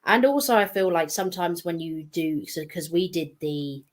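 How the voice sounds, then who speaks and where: Woman, panel guest, deep for a woman, rambling and self-mocking. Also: lively intonation, moderate pace. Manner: chatty and meandering, self-deprecating. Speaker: guest speaker. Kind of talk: casual panel discussion.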